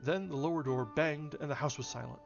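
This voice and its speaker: A man reading a novel aloud in a measured way, now and then correcting a slip. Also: fairly high pitch, creaky. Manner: measured, occasional self-corrections. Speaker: reader. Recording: slightly dull, faint music behind.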